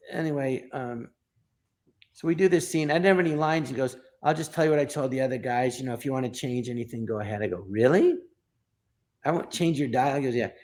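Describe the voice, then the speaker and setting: A middle-aged man from Los Angeles, a comedian guest telling a story in an interview and acting out the quoted lines. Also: medium pitch. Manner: animated storyteller, acts out quoted dialogue.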